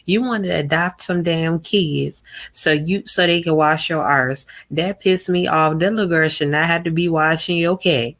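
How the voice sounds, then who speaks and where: A young woman hosting a live stream chats casually, blunt and profane, her pitch often swooping up high. She speaks at normal speed with a fairly bright tone.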